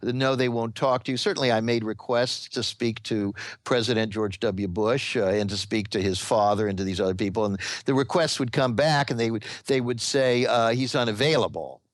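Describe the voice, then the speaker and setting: A man who is an author, giving long answers in a radio interview, halting often with restarts and fillers. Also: medium pitch, fairly even intonation, no room sound. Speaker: author and guest.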